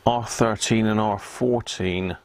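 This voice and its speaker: This electronics repair hobbyist hosts a laid-back live stream, chatting and muttering to himself as he works at his bench. His voice is on the low side, with fairly even intonation and a slow delivery.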